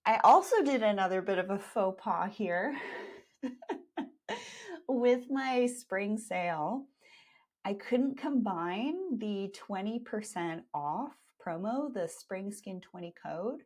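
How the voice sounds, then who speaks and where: Canadian woman, podcast host, chatty and upbeat, medium pitch. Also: a little mellow. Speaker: podcast host and skincare educator. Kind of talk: live podcast chat.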